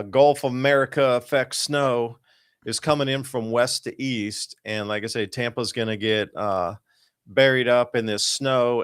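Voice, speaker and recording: A man hosting a talk show, talking through weather charts in an excited, emphatic and rambling way. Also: medium pitch, clean tone, dry recording, clean studio sound. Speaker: host.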